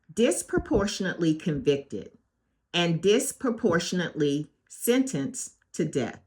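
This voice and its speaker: A woman hosting a scripted spoken commentary, talking in emphatic, deliberate, short declarations. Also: deep voice. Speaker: host.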